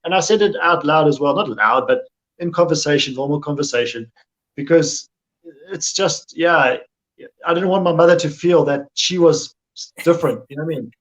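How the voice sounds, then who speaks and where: A man's voice: fairly high pitch, moderate pace, fairly bright tone. A man giving earnest, repetitive wellness advice in casual chat. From South Africa. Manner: earnest, repeats himself while explaining. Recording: dull lo-fi sound.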